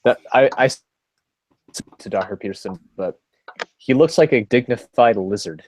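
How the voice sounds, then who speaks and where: A man's voice: mid-range voice, expressive, normal speed, darkish tone, a little hiss or hum. A man co-hosting a casual podcast over an online call, goofy and rambling. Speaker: podcast co-host. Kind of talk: casual group chat.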